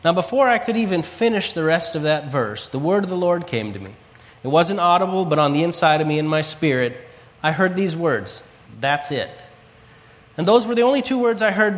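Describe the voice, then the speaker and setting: A man's voice: a little high, animated, brisk. Earnest male preacher in a reverberant hall. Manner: earnest storytelling, quotes scripture and his own prayers. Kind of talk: sermon.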